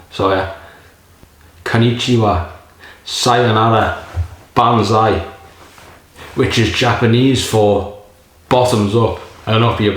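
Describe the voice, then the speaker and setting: A man casually reviewing a beer in a rambling, jokey way, swearing often. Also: lowish voice. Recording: very echoey room.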